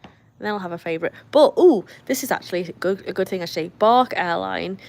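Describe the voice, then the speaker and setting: Quick-paced and creaky, with a lowish voice, a British woman chats her way through a livestream. She reads comments from viewers aloud, laughs often and throws in friendly asides.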